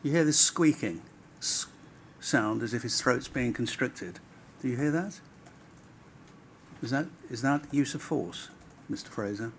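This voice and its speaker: A man's voice: mid-range voice, animated, unhurried, slight background noise. A man serving as inquiry counsel, questioning a witness pointedly and formally.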